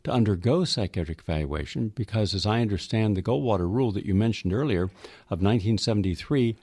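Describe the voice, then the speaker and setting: A man with a fairly low voice puts a long, formal question to a guest in a measured way. The sound is dry and close to the mic. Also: a little mellow, no echo. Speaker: interviewer.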